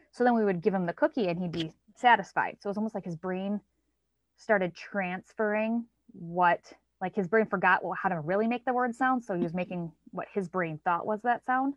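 This parent guest is a woman in her thirties speaking at a moderate pace in a mid-range voice. She's chatty as she talks about her child, frequently performing quoted lines in a higher voice. There's no echo; the sound is dry and a bit dull.

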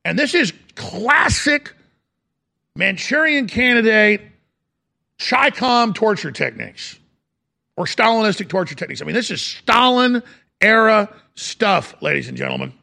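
A man's voice: high voice, very animated, unhurried, creaky, pushed and bright. A middle-aged man hosting a talk radio show, delivering an impassioned, ranting monologue.

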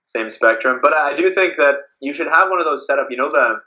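A Canadian beach volleyball player guests on a podcast, chatting casually in an interview, rambling with many fillers and frequent laughter. His voice is fairly high, bright and forceful with lively intonation and a brisk pace, though the recording is low quality.

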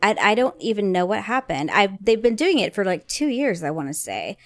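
A woman's voice: mid-range voice, fairly quick, no room sound. A woman in her thirties, a podcast co-host telling a story in casual chat and acting out the people she quotes. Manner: animated storyteller, acts out quoted voices.

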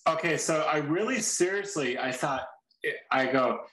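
A man's voice: a little high, expressive, a little slow, a bit bright, echoey room. A man co-hosting a podcast in casual chat, rambling and restarting his sentences, swearing now and then. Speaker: podcast co-host.

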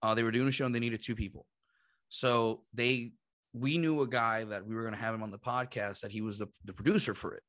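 A man in his thirties from Puerto Rico, telling an animated story on a podcast, laughing and acting out what people said. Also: mid-range voice, a little fast, no echo. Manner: animated, laughing, acts out quotes. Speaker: podcast host. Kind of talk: casual storytelling.

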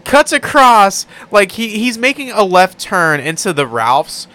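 A young man co-hosting a podcast, telling stories in a profane, laughing, animated way. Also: high-pitched, unhurried. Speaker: podcast co-host. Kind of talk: casual podcast banter.

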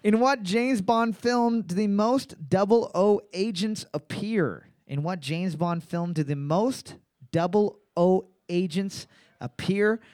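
A man hosting live trivia, reading each question twice in a slow, drawn-out way and joking between questions. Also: high-pitched, a little mellow, clean tone, dry recording, studio quality. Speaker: trivia host.

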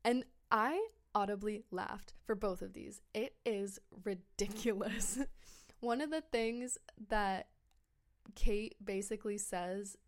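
A woman hosting a podcast chats casually in a gossipy, incredulous way. Her voice is medium in pitch and slow, and her speech is full of fillers and short laughs.

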